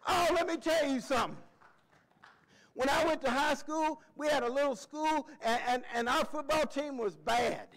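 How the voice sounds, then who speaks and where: Male pastor, very high pitch; folksy, excitable sermon delivery. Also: moderate pace, rough recording. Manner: folksy, excitable preaching with shouted cheers.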